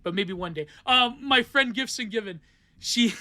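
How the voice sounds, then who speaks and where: A man's voice: extremely high pitch, lively intonation, moderate pace, sharp tone, no room sound. A man hosting a solo podcast, rambling through art theory with many fillers and restarts. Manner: rambling, digressive, many fillers and self-corrections. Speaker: podcast host.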